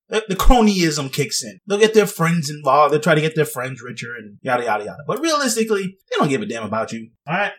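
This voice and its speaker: A man's voice: on the high side, fairly bright tone, recorded from a distance. A young man giving sarcastic, rambling casual commentary and laughing at his own jokes. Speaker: vlogger.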